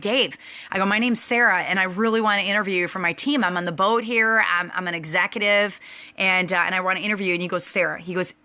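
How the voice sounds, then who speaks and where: Bubbly bright-voiced woman telling a story. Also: mid-range voice. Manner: bubbly, rambling, laughs often. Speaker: host. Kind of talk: casual storytelling to an online class.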